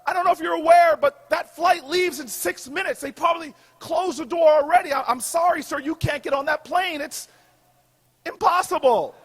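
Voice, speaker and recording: A weary airline agent woman, voiced by a man telling a story, turns down a request in a polite, formal way. She sounds apologetic but firm, and the voice sits very high and strained. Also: moderate pace.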